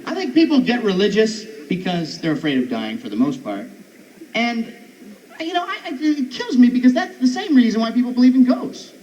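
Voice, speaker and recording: A man doing a stand-up routine on an outdoor stage, animated and chatty with the crowd. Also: very high voice, fairly quick. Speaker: stand-up comedian. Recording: muffled live recording with background noise.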